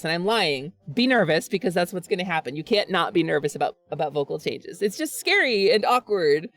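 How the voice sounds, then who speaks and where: Woman, streamer, casual chat, earnest, frequent laughs, restarts sentences, expressive pitch, close dry sound. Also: normal speed, no echo, soft background music. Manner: earnest, animated, laughs often.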